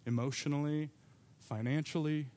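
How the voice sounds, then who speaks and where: A man's voice: on the high side, fairly even intonation, normal speed, warm tone. Man preaching a conversational sermon. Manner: conversational storytelling with asides. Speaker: pastor.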